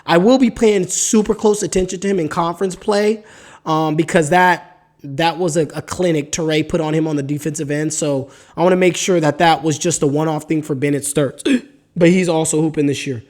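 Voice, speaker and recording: Guy with a pretty high voice doing his solo hoops podcast, hiccuping, laid back slangy, rattling off stats. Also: fairly even intonation, normal speed, darkish tone. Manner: casual, slangy, hype, reads off stat lines. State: has the hiccups. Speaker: podcast host. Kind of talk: solo sports podcast talk.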